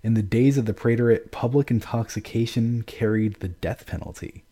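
A man's voice: medium pitch, normal speed, dark tone, lightly acted. A man reading aloud, voicing a nervous, playful young woman courtier.

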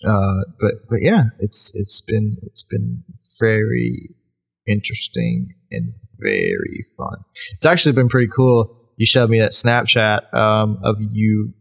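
A man's voice: fairly low pitch, expressive, unhurried, vocal fry, a bit bright, husky. A man co-hosting a comedy podcast in casual chat, rambling with lots of restarts, swearing and laughter. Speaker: podcast co-host.

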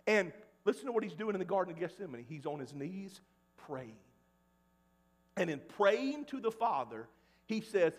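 A pastor in his forties from Mississippi preaching a sermon, dropping to a hush and then shouting at the peaks. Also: sits high, very animated, normal speed. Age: 40s. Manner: swings between hushed and loud, shouting at peaks. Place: church sanctuary. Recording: long church reverb.

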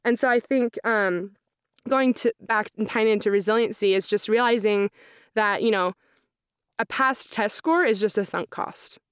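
A young woman studying accounting tells her story in a casual interview, chatty and leaning on "like" a lot while acting out her own thoughts. Her medium-pitched voice is clean, at normal speed, recorded in the studio without echo.

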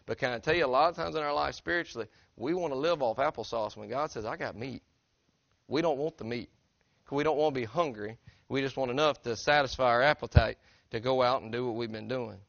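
A middle-aged pastor with a drawl preaches with earnest, conversational warmth, often turning to ask his congregation questions. His voice sits at an ordinary male pitch, captured close and dry. The sound is a little dull and muffled at the top. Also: fairly quick, gravelly, no echo. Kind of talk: sermon. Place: church sanctuary.

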